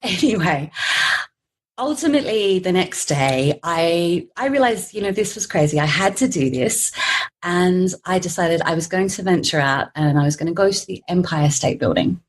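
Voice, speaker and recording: Husky Australian woman telling a lively story. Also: fairly low pitch, moderate pace. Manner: animated storyteller, laughs often, acts out quoted voices. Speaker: guest. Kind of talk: storytelling in a podcast interview.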